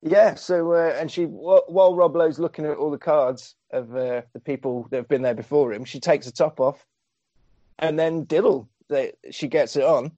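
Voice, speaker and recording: Cheeky podcast co-host, sweary film-recap banter, somewhat high voice, muffled dry mic. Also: male voice, fairly even intonation, mellow, no room sound. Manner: sweary, jokey, retells scenes with quick put-on quotes. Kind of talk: casual film recap chat.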